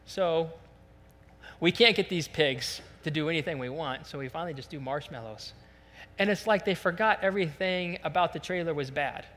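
A man preaching a sermon, telling a lively, joking story and acting out voices as a pastor. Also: fairly high pitch, normal speed, long reverb tail. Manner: animated, jokey storytelling, acts out voices.

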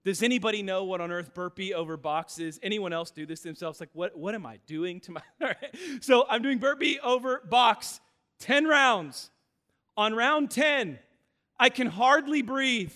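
A man in his thirties preaching a sermon in a church auditorium, telling stories in an animated way with self-deprecating humor. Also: high voice, moderate pace, in a large hall. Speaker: pastor.

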